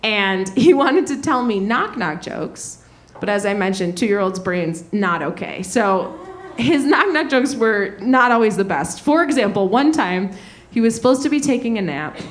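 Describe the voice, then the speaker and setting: A woman, performing a self-mocking stand-up comedy set in an animated way on a comedy club stage. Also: medium pitch, unhurried, a little hiss or hum. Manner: animated, self-mocking, laughing through lines.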